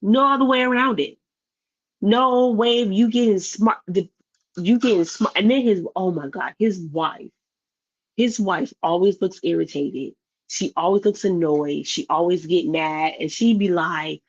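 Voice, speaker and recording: A woman's voice: mid-range voice, a little slow. A woman giving a blunt, exasperated casual commentary rant about videos. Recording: slightly dull lo-fi audio.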